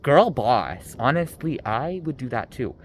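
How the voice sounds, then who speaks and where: Guy doing a chaotic book review rant, sarcastic, rambles a lot, mid pitch. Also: very animated, unhurried, a little hiss or hum, low-quality recording. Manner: rambling, sarcastic, many fillers. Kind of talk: casual ranting book review.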